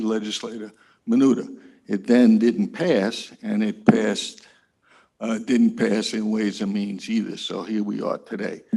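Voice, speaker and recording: A man's voice: fairly low pitch, creaky, dark tone, husky. A man with a Bronx accent, a county legislator, recounting committee procedure step by step at a public session, with fillers and light jokey asides. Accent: New York City (Bronx). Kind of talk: floor remarks at a public session. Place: legislative chamber.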